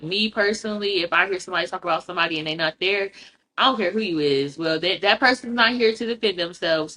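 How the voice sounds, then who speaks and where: A woman hosting a podcast in casual chat, blunt, profane and outspoken, telling stories with animation. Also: on the low side. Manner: animated storyteller. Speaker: podcast host.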